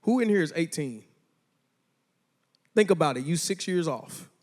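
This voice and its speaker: Youth pastor, young man, high voice, loose and joking, speaks right to the teens. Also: expressive, moderate pace. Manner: casual, playful, talks straight to teens. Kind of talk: youth sermon.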